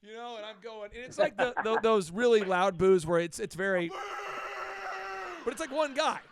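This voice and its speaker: A man's voice: sits high, normal speed, a crowd in the background. A man hosting a podcast, telling a story in casual chat and acting out quotes with big exaggerated voices. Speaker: podcast host.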